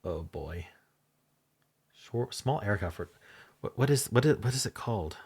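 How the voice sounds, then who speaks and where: A man thinking aloud as he solves a crossword, muttering in halting self-talk with half-voiced asides. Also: on the low side, expressive, darkish tone, husky. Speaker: crossword solving channel host. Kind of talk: thinking aloud while solving a puzzle.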